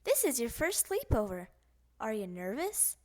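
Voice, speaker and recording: A patient mother frog from a children's storybook, as a woman reader puts her on, calling out in a high, singsong voice. The pitch lifts sharply on her calls. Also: sing-song, a little slow. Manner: calls out in a singsong, sometimes scolding.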